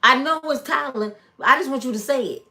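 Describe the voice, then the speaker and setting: A woman, telling celebrity gossip in a casual, animated storytelling way and acting out quoted lines in high voices. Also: fairly quick. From Michigan, USA. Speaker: gossip vlogger.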